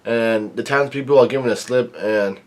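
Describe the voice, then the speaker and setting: A man's voice: mid-range voice, normal speed. Man casually recapping a comic, filler-heavy. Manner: rambling, many fillers, reads out dialogue flatly. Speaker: manga reviewer. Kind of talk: casual manga chapter recap.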